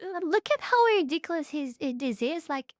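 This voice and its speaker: A woman's voice: sits high, expressive, normal speed, no echo, studio quality. A woman streamer giving blunt, heated reaction commentary, swearing often and repeating her words. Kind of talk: casual live reaction commentary.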